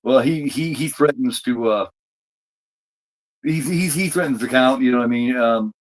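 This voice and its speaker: A man's voice: mid-range voice, moderate pace, a little hiss or hum, poor audio. A man hosting a podcast, retelling a TV episode in a casual, rambling way full of fillers and restarts. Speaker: podcast host. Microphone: streamed podcast mic.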